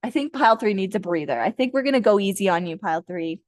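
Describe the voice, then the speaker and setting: A playful woman in her thirties chats her way through a tarot card reading for viewers, laughing and swearing often. Her voice sits at a middling pitch. The sound is dry and close, with no room echo. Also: animated, fast talker.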